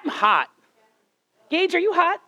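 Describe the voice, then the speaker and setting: High-pitched, relaxed preacher with an informal, joking sermon style. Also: unhurried, muffled recording, heavy background noise. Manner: conversational, joking with the congregation.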